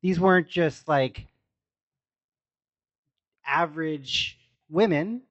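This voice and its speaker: A man's voice: on the high side, drawn-out words, fairly bright tone, no room sound, dull audio. A man co-hosting a podcast, explaining in a hesitant way with many fillers. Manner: hesitant, lots of ums. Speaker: podcast co-host. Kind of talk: casual chat.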